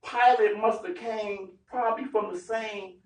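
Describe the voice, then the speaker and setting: A man's voice: high voice, steady tone, a little slow, far from the mic. A man leading a Bible study. He speaks emphatically in slang and acts out the people in the story. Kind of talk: animated sermon-style Bible teaching. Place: gathering room. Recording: echoey room, heard from afar.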